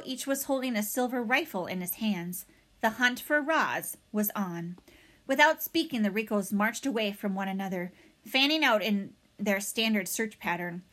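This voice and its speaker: Woman reading a kids' book out loud, bright clear voice, really dramatic. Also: medium pitch. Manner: expressive, dramatic. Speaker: audiobook reader. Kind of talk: storybook narration.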